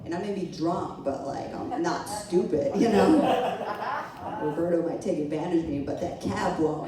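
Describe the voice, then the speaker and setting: A woman's voice: mid-range voice, animated, measured pace, over a noisy crowd. A woman telling a funny personal story to a live audience, talking casually, laughing and swearing as she goes. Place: small event room with a live audience. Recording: echoey room from far off.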